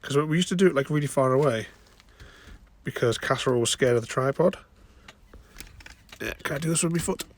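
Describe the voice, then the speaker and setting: A man chatting casually outdoors in a garden, talking softly to his pet chickens in cooing baby talk and laughing often. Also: medium pitch, fairly quick, long pauses, a little hiss or hum. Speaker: vlogger.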